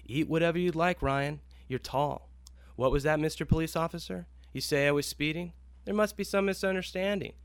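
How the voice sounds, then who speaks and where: A man's voice: a little high, fairly quick, clear, resonant tone, dry recording, pitched above the performer's own voice, lightly acted. A man doing a witty tall guy, teasing. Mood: mocking. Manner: mock-indignant, playful joking.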